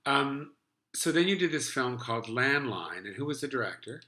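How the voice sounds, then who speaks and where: A man's voice: mid-range voice, animated, normal speed, sharp tone. A middle-aged man hosting a casual interview, teasing his guest with playful interjections. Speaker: talk show host. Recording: echoey room.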